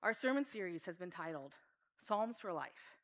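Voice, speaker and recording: A woman's voice: on the low side, big pitch swings, moderate pace. A woman preaching a sermon in an earnest, heartfelt way. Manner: earnest, reads scripture aloud with feeling.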